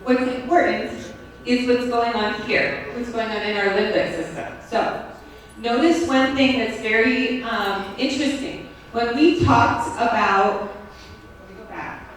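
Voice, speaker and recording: A woman's voice: a little high, unhurried. A woman giving a classroom lecture on teaching and the brain, talking in a conversational way and often checking in with "right?" and "okay?". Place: lecture room at a school. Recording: very echoey room, mic far off.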